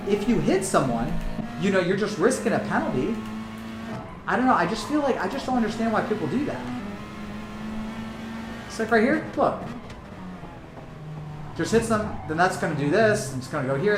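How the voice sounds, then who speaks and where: A man streaming a racing game, chatting casually to viewers and leaning hard on likes and you-knows. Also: sits high. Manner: chatty, talks straight to chat, many likes and you-knows. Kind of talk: casual live-stream commentary. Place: home room with racing rig. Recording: roomy sound over game music and engine noise.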